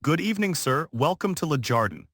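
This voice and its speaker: A man voicing a calm, courteous young waitress in a narrated story, speaking patiently. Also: fairly high pitch, a little fast, no room sound, studio quality, pitched above the performer's own voice. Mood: polite, composed. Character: poised polite young woman waitress.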